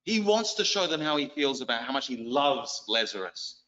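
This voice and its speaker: A man with a New Zealand accent giving a church exhortation, telling a self-deprecating story in an animated way. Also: medium pitch, moderate pace. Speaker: lay preacher and schoolteacher. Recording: dull lo-fi recording.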